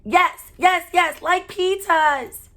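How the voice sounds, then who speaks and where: A woman's voice: sits high, very animated, very slow, sharp tone, voice pushed up, exaggerated voice. A woman voicing a small boy throwing a screaming tantrum, shrieking and hollering. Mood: insistent.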